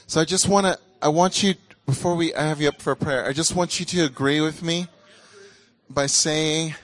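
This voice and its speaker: A man preaching in a loose, conversational style to a live congregation, his voice sitting a bit high for a man. He leads the room in prayer with plain, everyday phrasing. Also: fairly even intonation, unhurried, pauses often. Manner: ecstatic, exclaiming and laughing during prayer. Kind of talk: charismatic sermon and prayer ministry.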